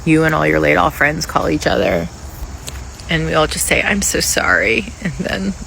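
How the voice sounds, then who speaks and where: A laid-off office worker vlogs in a loose, rambling way, swearing freely as worry runs through the talk. The voice sits at a middling pitch and keeps an anxious edge. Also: steady tone, moderate pace, vocal fry, a bit bright, a little hiss or hum, rough recording. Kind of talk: casual selfie vlog.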